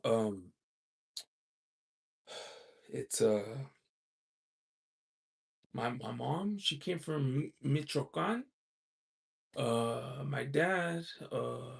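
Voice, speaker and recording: A man's voice: medium pitch, animated, slow, creaky, pauses often, breathy edge. A man from the United States hosting a casual livestream, reading out viewer chat and rambling with lots of "you know" asides and frequent chuckles. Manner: chuckles often while talking.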